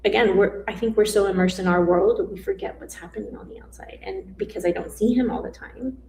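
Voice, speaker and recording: A woman's voice: medium pitch, a little fast, a little mellow, slight background noise. A woman life coach and mother, talking in a casual, reflective way about her family. She rambles, trails off and restarts her sentences. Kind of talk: casual reflective live-stream chat. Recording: roomy echo.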